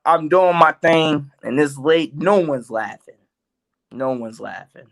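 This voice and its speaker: A man's voice: on the high side, takes it slowly, vocal fry, fairly bright tone. A man, a guest comedian, telling stories in a podcast interview, acting out quotes and laughing often. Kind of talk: animated storytelling in a podcast interview.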